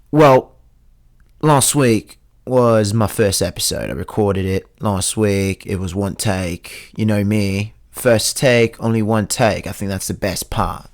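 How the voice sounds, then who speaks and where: A young man hosts a solo comedy podcast in a slightly low voice, talking in a put-on accent that is half British and half Australian. He rambles crudely and pokes fun at himself. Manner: crude, rambling and self-mocking. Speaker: host. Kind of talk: joking solo podcast monologue.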